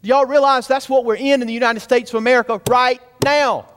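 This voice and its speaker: Pastor in the pulpit, high-pitched, emphatic, pushes the congregation to respond. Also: male voice, fairly even intonation, brisk, a bit bright, clean tone. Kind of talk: sermon. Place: church sanctuary.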